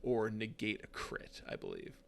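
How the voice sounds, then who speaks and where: A man's voice: lowish voice, huge pitch swings, moderate pace, gravelly. A man narrating as game master of a tabletop game, rambling with fillers and laughs.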